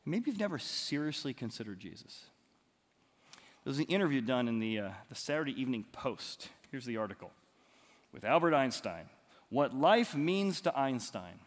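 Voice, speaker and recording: A man preaching a sermon, animated, moving from loud emphatic lines to quiet ones. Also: mid-range voice, moderate pace. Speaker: pastor. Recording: long hall reverb.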